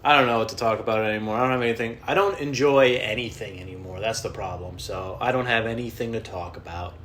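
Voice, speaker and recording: A man's voice: on the low side, fast, a bit bright, slight background noise. Profane rambling man hosting a solo podcast. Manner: self-deprecating, profane, jumps between topics. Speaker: podcast host and comedian. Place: at home indoors.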